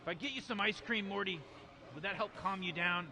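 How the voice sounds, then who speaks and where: Man doing a rambling, dismissive old mad scientist, high-ish voice, talks fast. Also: background noise. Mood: placating. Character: scheming careless old male mad scientist. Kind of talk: fan voice impression over gameplay.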